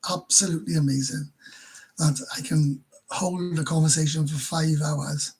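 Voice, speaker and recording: A Welsh man talks to his live stream audience in a deeply husky, breathy voice set slightly above the typical male pitch, steady in tone and a little mellow, at normal speed. His crude anecdotes are full of constant swearing, laughter mid-story, and stumbles followed by restarts. The audio is poor.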